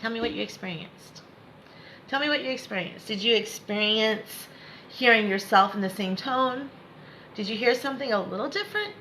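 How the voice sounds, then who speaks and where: A woman's voice: fairly high pitch, expressive, moderate pace, sharp tone, a little hiss or hum, low-quality recording. A woman spiritual coach leading a live guided meditation lesson, encouraging and reassuring viewers by name.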